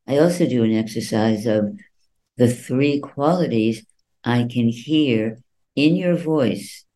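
A man speaking as a guest voice coach in an interview, expressive and acting out little quoted voices. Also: mid-range voice, takes it slowly, rough recording. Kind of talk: interview answers.

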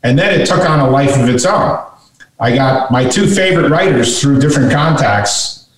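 A man's voice: medium pitch, expressive, normal speed. A middle-aged man, a guest author, telling a story in conversation and animatedly acting out the voices he quotes. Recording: echoey room, voice from far off.

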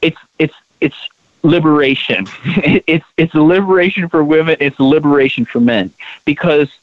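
A man's voice: a little high, moderate pace, no echo. Earnest man on a tinny phone line. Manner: earnest and emphatic, with many repeated words as he restarts. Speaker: interview guest, co-founder of a women's leadership project. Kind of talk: conversational interview.

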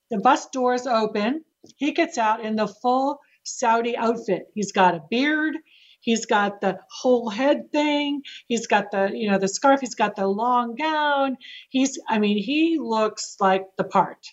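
A woman working as a real estate agent, telling stories in a casual interview with laughs and quick restarts. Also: fairly high pitch. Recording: dull lo-fi sound.

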